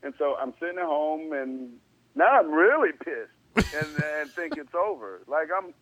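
A man's voice: on the high side, unhurried, no echo. A man, a former pro ballplayer, telling a story in a laid-back, slangy way as an interview guest, rising to disbelief at times. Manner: laid-back, slangy, animated when incredulous. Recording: tinny phone-like sound.

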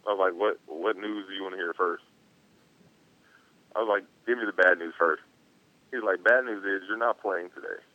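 A man's voice: low voice, no room sound, phone-quality sound. A young man, a baseball player, telling a story in an interview, laughing often and acting out what people said. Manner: animated, laughs often, acts out quotes. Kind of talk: casual storytelling.

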